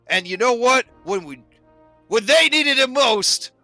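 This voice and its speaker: A man voicing a scornful, jealous rival who mocks loudly and sneeringly. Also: very high-pitched, animated, measured pace, no echo, soft background music, pitched above the performer's own voice, heavily acted. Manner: mocking, loud and sneering.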